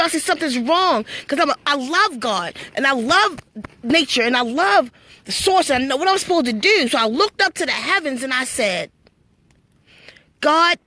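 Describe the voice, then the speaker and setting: A woman's voice: high voice, bright, forceful tone, no echo. A woman telling her spiritual story to live-stream viewers, blunt and full of swearing, preachy and storytelling. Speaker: livestream host.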